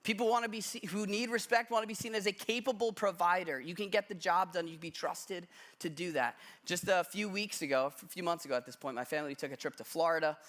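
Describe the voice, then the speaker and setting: A man in his thirties preaching a sermon in a church, talking in a relaxed storytelling way with self-deprecating humor. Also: sits high, fast talker, hardly any pauses. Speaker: pastor. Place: church sanctuary.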